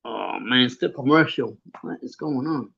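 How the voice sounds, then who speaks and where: A man's voice: mid-range voice, lively intonation, measured pace, creaky, muffled recording. A man hosting a live fight reaction stream, swearing, stammering and answering chat comments.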